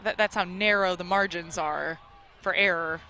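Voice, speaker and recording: A woman's voice: lowish voice, fairly even intonation, normal speed, pushed and bright, a faint crowd. A woman giving color commentary at a live game, enthusiastic and agreeable in her analysis.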